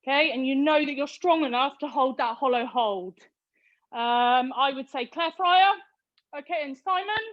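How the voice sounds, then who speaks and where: High-voiced British woman coaching a workout. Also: moderate pace, lo-fi sound. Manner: encouraging, counts down reps, cheers class on. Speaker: fitness instructor. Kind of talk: live online workout class.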